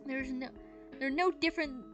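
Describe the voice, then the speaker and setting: Clowning teen girl read by a woman, goofy and loud, higher voice, game music underneath. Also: animated, fairly quick. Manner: goofy, joking. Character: playful clowning teenage girl.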